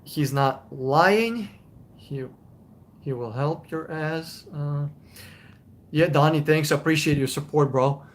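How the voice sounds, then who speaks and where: A man's voice: fairly high pitch, slow pace, long pauses. A man hosting a casual live stream, reading viewer comments and answering car-buying questions bluntly, swearing and repeating himself for emphasis.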